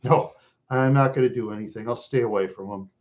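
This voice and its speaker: A middle-aged man from Minnesota with a rough voice worn by smoking, chatting loosely with viewers and often chuckling as he rambles through stories. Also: medium pitch, a little fast, a little mellow. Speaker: livestream host chatting with viewers. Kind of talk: casual rambling chat.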